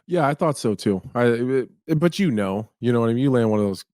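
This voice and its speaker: Guy, excitable podcast chat, swears a lot, dry close mic. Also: medium pitch, quick pace, no room sound. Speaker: podcast co-host. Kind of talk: casual chat.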